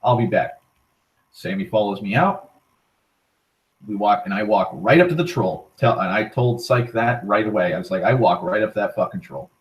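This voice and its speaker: A man's voice: fairly low pitch, moderate pace, a little hiss or hum. A man casually retelling a tabletop game session, swearing constantly and acting out the characters' lines. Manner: heavy swearing, rambling with restarts; animated, acting out quoted lines. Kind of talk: casual storytelling monologue. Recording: voice a bit far from the mic.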